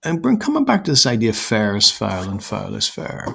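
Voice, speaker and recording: Croaky, gravelly male teacher. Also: fairly low pitch, huge pitch swings, brisk, pushed and bright. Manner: explanatory, with many fillers and restarts. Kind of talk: recorded literature lesson.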